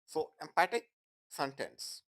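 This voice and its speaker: A man gives an English grammar lesson at an unhurried, deliberate pace. His English is non-native and broken. He repeats each example sentence and checks in with the class often. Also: on the high side, big pitch swings, a bit bright, low-quality recording. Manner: repeats example sentences, asks "What?" and "Okay, guys?".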